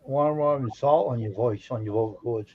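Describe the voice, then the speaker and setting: A man of middle pitch, joking and chatting on a live stream. His voice comes through a little dull and lo-fi. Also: a little fast. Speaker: co-host. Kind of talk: casual chat.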